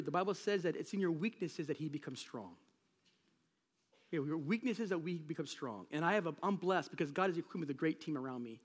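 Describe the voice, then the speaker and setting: High-voiced preacher in a reverberant hall. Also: male voice. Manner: conversational, storytelling preaching. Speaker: pastor. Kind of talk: sermon. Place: church sanctuary. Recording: long reverb of a large hall.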